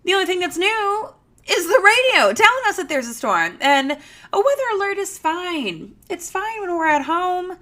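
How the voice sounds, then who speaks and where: A woman in her thirties hosting a podcast, telling a story in a chatty, animated way with lots of fillers. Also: extremely high pitch, normal speed. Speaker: podcast host. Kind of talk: casual storytelling monologue.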